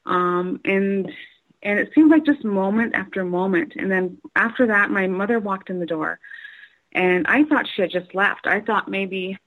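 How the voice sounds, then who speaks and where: A woman telling a personal story, halting with many fillers and restarts, raising her voice when quoting others. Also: mid-range voice, fairly bright tone, low-quality recording.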